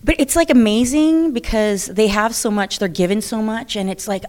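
Chatty woman wrestler, animated and laughing. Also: medium pitch, normal speed. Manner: chatty, animated, laughs often, many restarts. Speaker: professional wrestler. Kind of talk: interview conversation.

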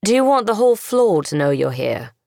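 Woman playing a polished smug gentleman, airy, lifted voice, creaky edge, audio drama. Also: mid-range voice, sing-song, fairly quick, dry recording, clean studio sound, pitched above the performer's own voice. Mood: pleasant. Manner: pleasant, airy, faintly mocking. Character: unruffled polished British-style man, smug and courteous.

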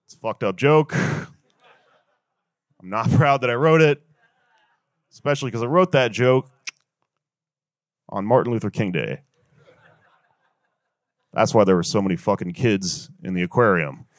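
A man's voice: fairly low pitch, measured pace, pauses often, no echo. A young man doing a stand-up comedy set, rambling and swearing through an exasperated rant on a handheld stage mic.

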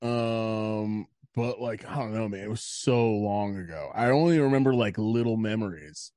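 A man's voice: fairly low pitch, normal speed, dark tone, dry recording, clean studio sound. A man co-hosting a podcast, telling stories casually with lots of swearing and acted-out quotes. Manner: profane storytelling, acts out quotes. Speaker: podcast co-host. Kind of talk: casual chat.

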